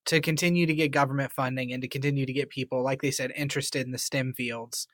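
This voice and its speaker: A man's voice: medium pitch, steady tone, quick pace, fairly bright tone, dry recording, studio quality. Wry laid-back male podcast co-host. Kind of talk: casual podcast chat.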